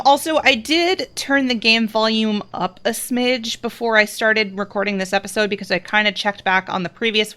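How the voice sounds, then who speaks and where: A woman from New Jersey with a New Jersey accent, chatting casually at her home desk while playing a game. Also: a little high. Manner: chatty, rambling, excitable in combat. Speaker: let's play host. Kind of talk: casual gameplay commentary.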